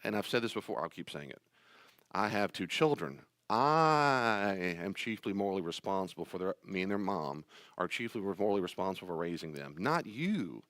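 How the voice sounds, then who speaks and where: A man's voice: low-pitched, animated, normal speed, a bit bright, no room sound. Pastor guy teaching, emphatic, bouncy up-and-down voice, lots of rhetorical questions, dry close sound. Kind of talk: sermon-style teaching talk.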